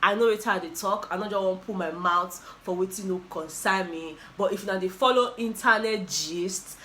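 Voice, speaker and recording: A Nigerian woman with a bright, forward voice and a Nigerian accent hosts a casual recap vlog. She tells the story animatedly, exclaiming often and mixing Pidgin into her English. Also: medium pitch, moderate pace, a little hiss or hum. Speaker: YouTuber host.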